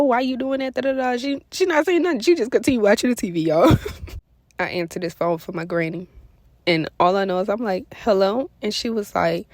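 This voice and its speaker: A woman's voice: medium pitch, no room sound, studio quality. A young woman, telling a casual storytime to viewers and acting out the quotes in her story. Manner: animated, addresses viewers as y'all, acts out quotes. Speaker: storytime vlogger.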